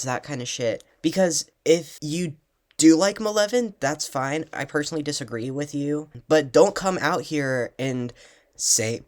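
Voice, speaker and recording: A fan vlogger at home giving a passionate, swear-heavy analysis, often bursting into loud excited rants. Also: medium pitch, measured pace.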